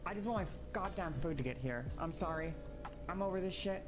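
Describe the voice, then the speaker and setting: A woman's voice: on the low side, lively intonation, fast talker. A woman in a played clip, giving a fed-up, repetitive complaining monologue. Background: music.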